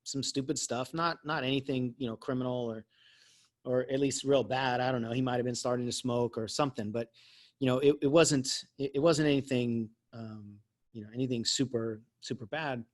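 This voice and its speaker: A man's voice: mid-range voice, steady tone, normal speed. A man who works as a life coach, telling a story in a casual, self-mocking way and laughing often.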